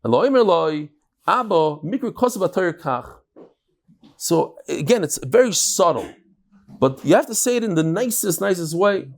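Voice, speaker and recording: A man, a rabbi, giving a daily Talmud lecture, thinking out loud, acting out the exchanges and mixing English with Hebrew and Aramaic terms. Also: high voice, animated, moderate pace, vocal fry.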